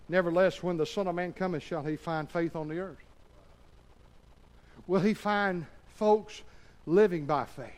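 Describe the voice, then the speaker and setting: A man preaching a sermon to a church congregation, shifting from quiet talk to shouted passages and calling out for amens. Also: high voice. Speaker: pastor.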